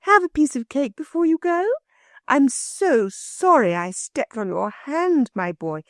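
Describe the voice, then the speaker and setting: A woman voicing a sour, bad-tempered woman who turns gushingly kind, with shrill scolding and sweet cooing. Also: big pitch swings, normal speed, no room sound, clean studio sound.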